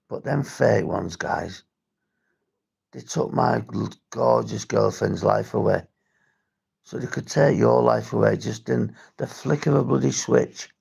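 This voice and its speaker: The speaker, a recovery vlogger, addresses livestream viewers with blunt talk about drug recovery. He's from St Helens, England, and has a Merseyside accent and a mid-range, darkish voice that's gravelly and husky. Swearing is frequent, and he often restarts his sentences.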